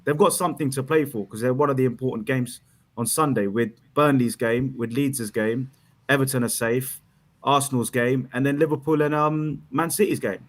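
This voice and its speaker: A man calling in to a fan chat show, excitable, laughing often and repeating himself as he talks. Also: mid-range voice, moderate pace. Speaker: caller.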